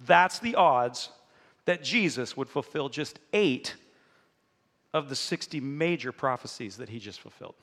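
A man's voice: mid-range voice, a little slow. A man preaching a sermon to his congregation, joking and talking straight to the room. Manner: joking, animated, talks to the congregation. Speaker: pastor. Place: church hall. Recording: live in a reverberant hall.

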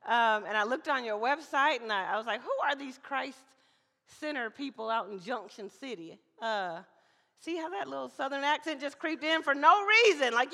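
A woman from Mississippi preaching as a guest speaker, chatty and lively, often calling for amens, her voice slightly hoarse. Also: high-pitched. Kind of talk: sermon. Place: church hall. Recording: church hall reverb.

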